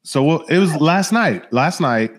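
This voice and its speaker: A man in his thirties hosting a podcast in casual chat, telling lively stories about his children and acting out their voices. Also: on the high side, unhurried. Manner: animated storyteller, acts out his kids' voices. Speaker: podcast host.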